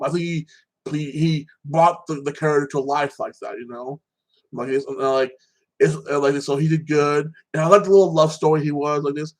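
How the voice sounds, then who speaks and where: A man's voice: a little high, poor audio. A man talking alone in a casual, rambling recap of a movie, full of fillers and restarts, swearing freely. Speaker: vlogger.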